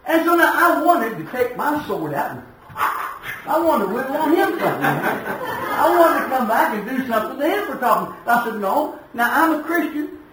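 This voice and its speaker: High-pitched preacher in an echoey hall. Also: male voice, sing-song, normal speed, background noise. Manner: folksy storytelling, alternating shouted emphasis and quiet asides. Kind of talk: sermon. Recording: echoey room from a distance.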